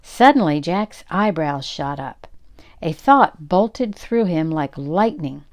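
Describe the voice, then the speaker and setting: An older woman reading a children's novel aloud in an unhurried, gently expressive way. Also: low voice. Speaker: read-aloud storyteller.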